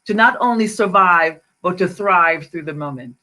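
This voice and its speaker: A woman's voice: fairly low pitch, normal speed, bright, forceful tone. A woman with a Jamaican accent, a financial advisor, sharing a personal testimony on a video call and repeating her key phrases for emphasis.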